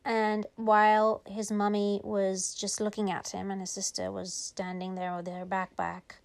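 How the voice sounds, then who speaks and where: A woman improvising a bedtime story for a child, lively, with drawn-out words and hushed whispers. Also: medium pitch, creaky.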